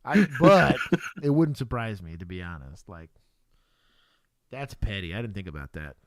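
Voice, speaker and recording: A man's voice: on the low side, moderate pace, no echo, clean studio sound. A man co-hosting a casual show, reacting to police videos with profane jokes and frequent laughter. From Texas. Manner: animated, profane, laughs often. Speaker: podcast co-host, former police officer.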